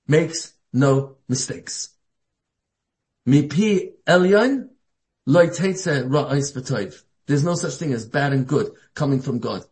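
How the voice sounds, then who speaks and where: A man with a high voice preaches a sermon. He talks with a lot of energy, stumbles and restarts often, and shifts between calm and excited passages. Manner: animated, acts out quoted voices, frequent restarts. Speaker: Torah teacher.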